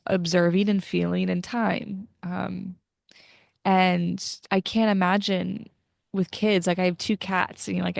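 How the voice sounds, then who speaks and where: A woman's voice: lowish voice, vocal fry, no echo, studio quality. A young woman hosting a podcast interview, chatty and emotional, with lots of fillers. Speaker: podcast host. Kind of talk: casual interview chat.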